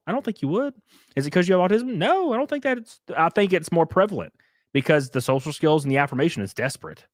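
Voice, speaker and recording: A man streaming casual commentary, rambling and animated, swearing now and then, sounding worn down. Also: medium pitch, dry recording, clean studio sound. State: worn down, says he can barely function. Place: home studio.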